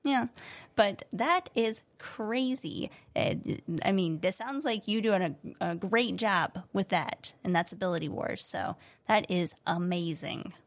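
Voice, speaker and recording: A woman co-hosting a casual podcast, cheerful and encouraging, quick to praise her partner. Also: mid-range voice. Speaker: podcast co-host.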